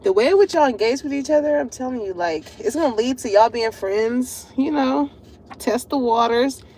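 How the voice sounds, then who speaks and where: A woman with a high voice gives a casual tarot reading straight to her viewers. Her delivery is animated and full of slang, and laughter keeps breaking through. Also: normal speed, a little hiss or hum. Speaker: tarot reader.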